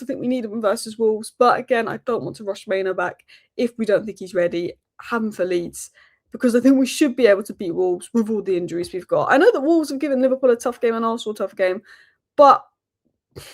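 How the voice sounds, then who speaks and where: A woman hosting a daily football news roundup, talking rapid-fire and opinionated. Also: fairly high pitch, a little mellow. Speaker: football channel host.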